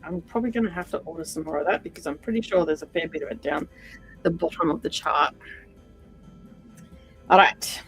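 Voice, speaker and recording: A woman's voice: mid-range voice, bright, forceful tone, poor audio. Chatty woman stitching on a livestream. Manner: chatty, rambling with many fillers, drifts off-mic while sorting threads. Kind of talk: casual chat while cross-stitching.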